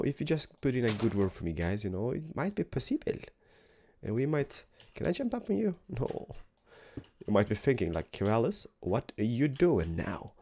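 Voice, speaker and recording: A man's voice: mid-range voice, mellow. A young man giving rambling, casual gameplay commentary in a tired morning voice, repeating words and sometimes dropping to a whisper. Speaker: gaming video host.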